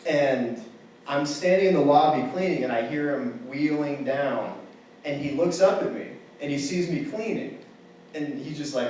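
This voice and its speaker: A young man with a slightly high, darkish voice performs stand-up on a campus theater stage for a live audience, telling wry, casual stories full of "like" at a normal pace. The recording comes from far off in a very echoey hall, with a little background noise.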